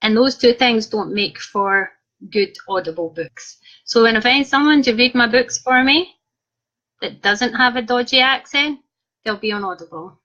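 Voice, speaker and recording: A woman's voice: on the high side, expressive, normal speed, bright, forceful tone. A young woman author chatting in a cheeky, self-mocking way as she reads out viewer comments on a live video. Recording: dull lo-fi live stream audio.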